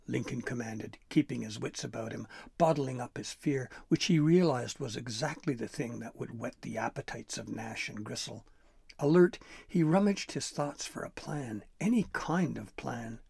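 A man narrating a children's story in an expressive, dramatic way. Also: medium pitch, normal speed, creaky, slightly rough, no echo, studio quality.

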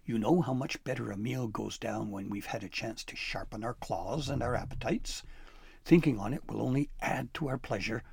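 A man voicing a greedy, gloating female troll with a gravelly voice and sugary endearments. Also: medium pitch, moderate pace, a little mellow.

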